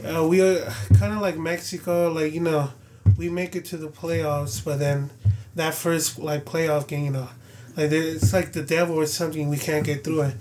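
A man's voice: on the high side, level tone, normal speed, a little mellow, a little hiss or hum. A young man co-hosting a casual sports podcast, laid-back and filling his talk with "you know". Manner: laid-back, lots of 'you know'. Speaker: podcast co-host.

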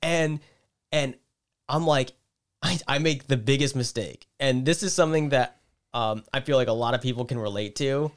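Casual male podcast co-host, animated profane storyteller, mid pitch. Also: moderate pace, clear, resonant tone. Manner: animated, profane, swings loud when reenacting.

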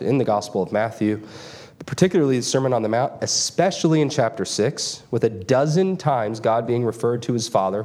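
Man, middle-aged pastor, expository sermon, earnest, questions the congregation, medium-pitched voice. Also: darkish tone.

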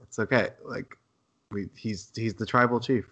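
A man's voice: fairly low pitch, fairly even intonation, normal speed, bright, forceful tone, breathy edge. Rambling, swearing male podcast co-host. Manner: rambling, profane, laughs at own quotes. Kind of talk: casual podcast chat.

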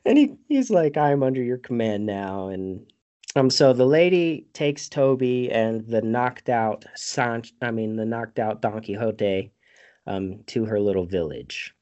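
A man's voice: medium pitch, animated, measured pace, a little mellow, dull audio. Laid-back man recapping a movie. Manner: rambling, profane, laughs often. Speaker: podcast host.

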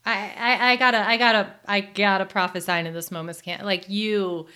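A woman's voice: medium pitch, steady tone, moderate pace, pushed and bright, clear, resonant tone. A woman co-hosting a faith podcast, talking casually and earnestly with lots of filler words. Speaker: podcast co-host.

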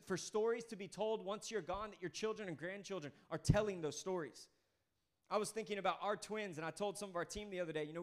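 A male pastor preaching a sermon in a conversational, animated way, acting out quoted voices. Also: high-pitched.

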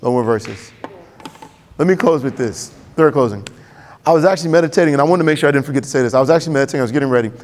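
A man's voice: mid-range voice, very fast, darkish tone, long reverb tail. A male pastor preaching a sermon in a conversational way, acting out quoted voices.

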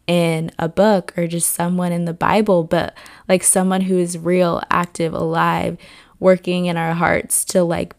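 A woman hosting a faith podcast, her voice a little hoarse with morning rasp. She talks in an earnest, rambling way with many "like" fillers. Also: fairly low pitch. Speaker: podcast host. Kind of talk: casual faith podcast reflection.

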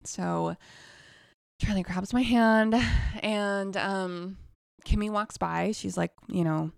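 A woman's voice: mid-range voice, steady tone, slow pace, vocal fry, clear, resonant tone, no room sound, clean studio sound. A young woman hosting a podcast, telling a personal story candidly, swearing freely and laughing between phrases.

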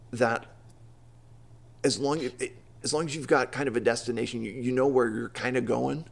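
A man's voice: mid-range voice, vocal fry. A man hosting an interview, asking long, thoughtful questions with hesitant restarts. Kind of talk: conversational interview.

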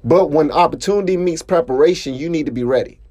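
A man on his own podcast rattles off a story quickly in a casual monologue. He's animated, with his pitch shooting up as he gets worked up.

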